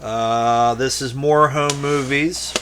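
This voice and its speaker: Against a noisy background, a man's medium-pitched, steady voice moves at a slow pace. A VHS collector vlogger, he casually shows off his tapes in a rambling, jokey, profane show-and-tell.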